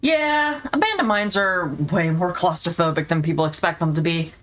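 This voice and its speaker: A woman's voice: lowish voice, expressive, normal speed, a bit bright. A woman playing a visual novel with a friend, reading her character's lines and teasing her partner. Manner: teasing, playful. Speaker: co-player. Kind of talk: casual playthrough, voicing lines.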